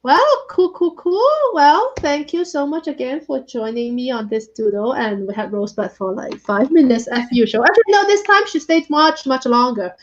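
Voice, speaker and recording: A woman's voice: high-pitched, animated, normal speed, hardly any pauses, muffled recording, a little hiss or hum. A woman hosting a casual drawing chat, rambling with many fillers. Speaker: host. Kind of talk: casual chat while doodling.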